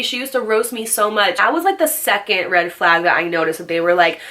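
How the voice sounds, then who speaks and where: A woman's voice: fairly low pitch, fast talker, hardly any pauses, pushed and bright. A young woman telling a storytime vlog in a chatty, sarcastic way, full of fillers. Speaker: storytime vlogger. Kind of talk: casual storytelling.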